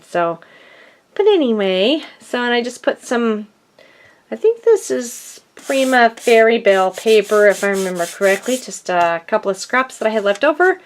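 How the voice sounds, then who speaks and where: A middle-aged woman chatting casually in her home craft studio, rambling and a bit out of breath. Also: mid-range voice. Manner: rambling, chatty, self-deprecating. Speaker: crafting vlogger. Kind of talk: casual chat.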